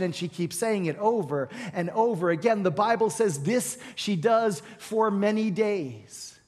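Male pastor, high voice, dramatic sermon storytelling, loud to hushed, long hall reverb. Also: animated, measured pace, hardly any pauses.

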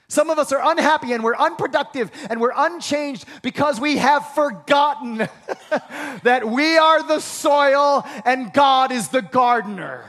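A man preaching a sermon as pastor, emphatic and repetitive, sometimes dropping to a hushed prayerful voice. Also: very high voice, unhurried.

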